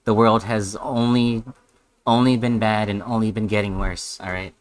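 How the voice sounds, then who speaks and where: A man's voice: fairly low pitch, little pitch movement, moderate pace, slight background noise. Sarcastic, foul-mouthed male streamer. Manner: sarcastic, heavy swearing, rambling. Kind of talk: live reaction stream.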